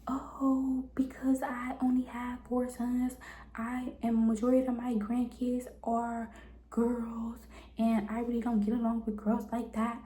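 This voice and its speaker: A woman's voice: a little high, monotone, measured pace, warm tone, natural voice. A young woman voicing her combative older grandmother with a mocking, dismissive manner. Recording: echoey room.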